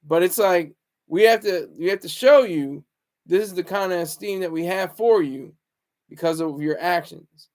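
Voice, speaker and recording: High-voiced rambling man. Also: moderate pace, a little mellow. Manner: rambling with frequent restarts and chuckles. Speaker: vlogger. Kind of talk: casual rambling monologue.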